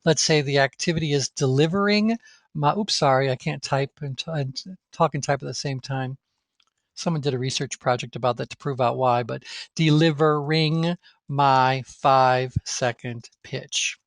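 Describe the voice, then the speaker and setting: A man's voice: mid-range voice, moderate pace, dry recording. A man leading a live online training session, talking through ideas with the class in a conversational, think-aloud way and asking them questions. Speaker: course instructor.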